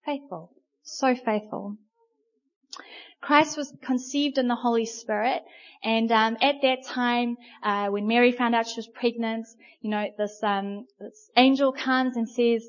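A woman delivers a sermon as a lively, chatty storyteller, pausing often on little fillers. Her voice sits fairly high. The recording is muffled and lo-fi. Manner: conversational, animated storytelling with many fillers. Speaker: preacher.

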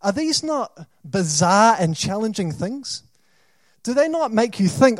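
A man's voice: sits high, very animated, slow pace, no room sound. A man with a New Zealand accent preaching a sermon, questioning and dramatic, rising to emphatic bursts.

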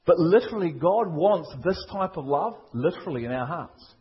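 A man's voice: fairly high pitch, expressive, normal speed, hardly any pauses, breathy edge, lo-fi sound. A man with a Liverpool accent preaching a sermon, emphatic and full of rhetorical questions. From England. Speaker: pastor.

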